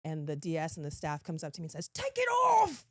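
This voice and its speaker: A woman guest in a casual podcast chat who tells her stories with lively energy. Her voice sits a little low, and the sound is dry and close. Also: very fast, no room sound. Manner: animated storytelling, laughs often.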